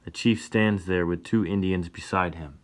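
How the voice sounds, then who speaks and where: A man narrating a western story in a deliberate, measured reading. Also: low-pitched, steady tone.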